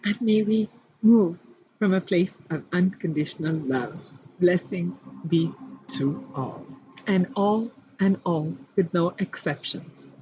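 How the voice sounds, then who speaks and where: Slow reverent woman leading a blessing. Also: lowish voice, warm tone, slight background noise, low-quality recording. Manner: slow, reverent, repetitive invocations. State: emotional, voice rising with tears. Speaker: spiritual healer leading a group blessing. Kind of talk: guided meditation and prayer.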